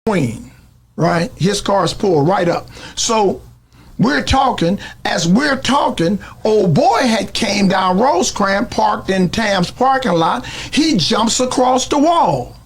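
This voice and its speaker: Husky man telling a street story. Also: high-pitched, expressive, slow. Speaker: interview guest. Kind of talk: storytelling in an interview.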